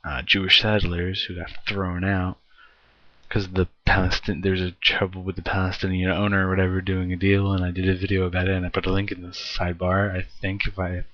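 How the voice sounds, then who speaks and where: A man's voice: sits low, monotone, brisk, lo-fi sound. A young American man ranting in a frustrated vlog, swearing heavily and sighing often. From United States. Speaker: vlogger.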